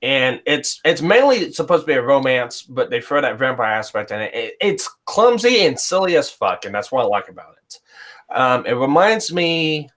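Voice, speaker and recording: A man hosting a loose, casual chat show with a mid-pitched voice. He rambles, restarts, and swears bluntly as he talks. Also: very animated, moderate pace, fairly bright tone. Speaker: podcast host. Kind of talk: casual chat reviewing anime.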